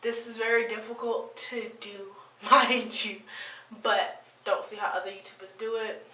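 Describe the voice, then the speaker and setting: A woman's voice: on the high side, a bit bright, distant mic. Chatty woman reviewing, roomy and off-mic. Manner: chatty, rambling, with many fillers and restarts. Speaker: beauty vlogger. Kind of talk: casual product review.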